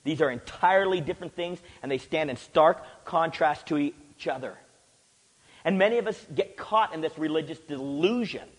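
A man preaching a sermon, teaching through a scripture passage with animated delivery and acted-out quotes. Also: on the high side, moderate pace. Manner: animated, acts out quoted voices. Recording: long hall reverb.

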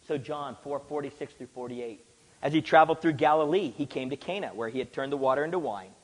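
A male preacher delivering a sermon, his pitch swinging widely as he acts out the people in the passage. His voice is slightly husky and rides a long reverb, as if he is in a large hall. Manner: animated, acts out quoted voices.

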